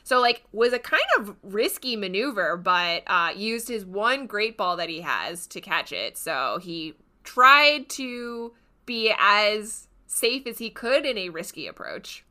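A woman's voice: mid-range voice, lively intonation, slow pace, bright, forceful tone. A woman co-hosting a casual podcast, recapping a game playthrough in a chatty way with dry, wry asides. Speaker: podcast co-host.

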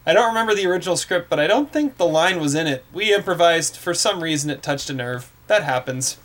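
A man's voice: fairly high pitch, animated, fairly quick, few pauses, a bit bright. A man hosting a casual movie podcast, rambling with many fillers and restarts. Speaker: podcast host.

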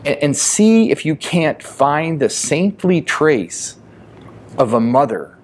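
A man's voice: a little high, very animated, takes it slowly. Male pastor, earnest emphatic sermon delivery. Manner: earnest, emphatic preaching with repetitions.

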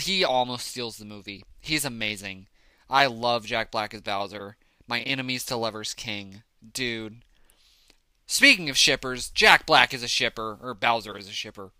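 Man, podcast host, casual film talk, excited and rambling, very bright voice, dry close sound. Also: mid-range voice, smooth, no echo. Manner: enthusiastic, rambling, lots of fillers. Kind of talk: casual solo film review.

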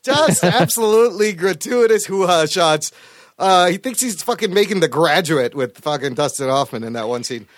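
A man co-hosting a casual podcast chat, animated, profane and emphatic. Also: sits high, normal speed, dry recording, clean studio sound. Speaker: podcast co-host.

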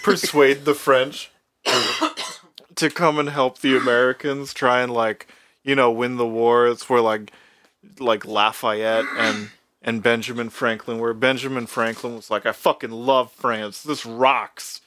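A man's voice: medium pitch, little pitch movement, unhurried, a bit bright. A young man casually retelling history as comedy, rambling with many fillers and swearing. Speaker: comedic storyteller.

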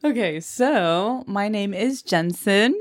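A woman's voice: mid-range voice, animated, takes it slowly. A woman in her thirties from Southern California with a Valley Girl accent, co-hosting a casual podcast chat, giggly and saying "like" often. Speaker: podcast co-host.

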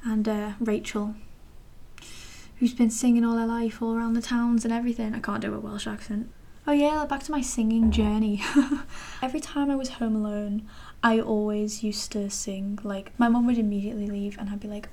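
A woman's voice: on the high side, steady tone, moderate pace, mellow. A nineteen-year-old woman rambling casually to camera as a vlogger, chatty and self-deprecating with many fillers and asides.

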